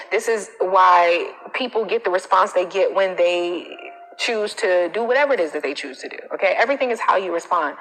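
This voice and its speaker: A woman confidence coach talks through a live stream in a fairly low voice. She is emphatic and repetitive, driving each point home with a quick "okay?". The room adds a long, hall-like tail to every phrase. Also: a bit bright. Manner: emphatic, repeats phrases, frequent "okay?" tags; acts out others' quoted lines in a higher voice. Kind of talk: live-stream advice talk.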